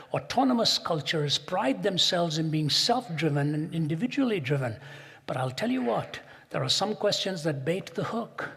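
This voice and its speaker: A man preaching a sermon in a large hall, telling stories, building to emphatic peaks and dropping soft for quoted asides. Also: fairly high pitch, breathy edge.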